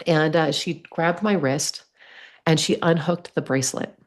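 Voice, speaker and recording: A woman telling a personal story as a podcast guest, lively, acting out the voices she quotes. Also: sits low, a little slow. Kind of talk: storytelling in conversation.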